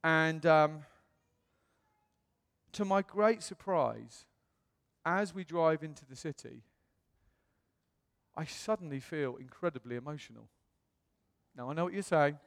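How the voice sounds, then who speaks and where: A man preaching, telling a personal story with animated delivery and self-mocking humor, acting out what others said. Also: a little high, measured pace, creaky, pauses often. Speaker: pastor. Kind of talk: personal testimony sermon. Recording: long reverb in a hall.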